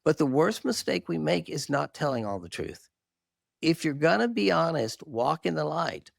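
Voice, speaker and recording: Speaking a little high and at a normal clip, a gravelly-voiced middle-aged man tells his story as a marriage therapist being interviewed. The testimony is candid, animated and earnest, punctuated by self-deprecating laughs, and the studio audio has no echo.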